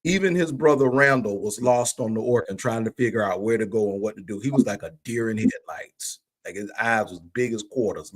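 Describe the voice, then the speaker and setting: A man's voice: lowish voice, fairly quick, hardly any pauses. A man in a livestream conversation, telling a church story with animation and acting out the dialogue. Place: remote livestream call.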